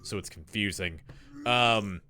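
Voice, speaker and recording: Bright-voiced man rambling about game lore. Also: fairly low pitch, slow pace, a little hiss or hum. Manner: rambling, filler-heavy, jokey asides. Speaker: game streamer. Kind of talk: live-stream lore commentary.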